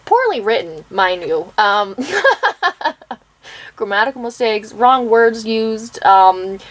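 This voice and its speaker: A woman's voice: medium pitch, lively intonation, slow, poor audio. A woman writer chatting casually about her writing progress, rambling with plenty of ums and frequent laughs. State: out of breath. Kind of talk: casual chat to camera.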